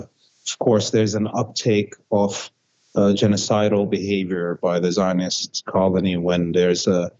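Slow-talking man on a dull remote line. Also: fairly low pitch, mellow, dry recording. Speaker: guest journalist. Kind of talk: radio interview.

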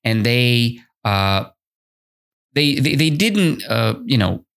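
Slow-talking male teacher. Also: medium pitch, animated, vocal fry, a bit bright. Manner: chatty and encouraging, with frequent fillers. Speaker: English teacher. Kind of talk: podcast lesson explaining a story.

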